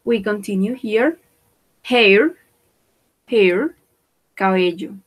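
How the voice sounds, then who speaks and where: Slow, patient woman teaching English. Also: medium pitch, expressive, slightly rough, poor audio. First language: Spanish. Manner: slow, repeats words for pronunciation. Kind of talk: bilingual vocabulary lesson.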